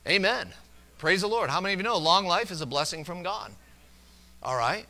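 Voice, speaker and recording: A male pastor delivers a church sermon with a bright, forceful tone. He quotes verses one after another and swings between emphatic preaching and quiet, intimate asides. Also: high-pitched, lively intonation, brisk. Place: church service.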